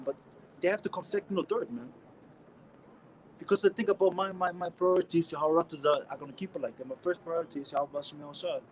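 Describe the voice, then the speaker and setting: A man with a German accent teaching scripture in a casual, slangy way, restarting often and reading verses out louder. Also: on the high side, a little hiss or hum, low-quality recording. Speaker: street preacher.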